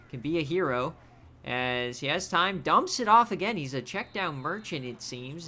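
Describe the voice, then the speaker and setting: A man's voice: mid-range voice, sharp tone, slight background noise. A man calling play-by-play on a streamed college football video game, chatty and upbeat with filler words. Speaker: play-by-play commentator. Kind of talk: casual video game commentary.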